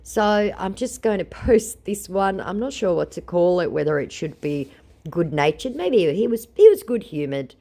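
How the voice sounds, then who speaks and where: A woman's voice: fairly low pitch, very animated, moderate pace, warm tone. Tired, chatty woman vlogger. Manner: sarcastic, chatty, many fillers. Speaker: scambaiting vlogger. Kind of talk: casual vlog narration.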